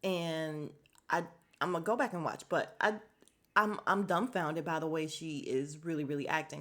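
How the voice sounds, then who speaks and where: A woman hosting a casual podcast, recapping a reality show bluntly and swearing freely. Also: fairly low pitch. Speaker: podcast host.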